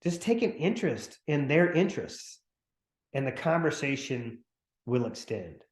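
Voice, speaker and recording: Energetic male sales coach, echoey room. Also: mid-range voice, unhurried. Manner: energetic, chatty, acts out upbeat phone calls. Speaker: real estate sales coach. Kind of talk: live coaching session on a video call. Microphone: computer mic on a video call.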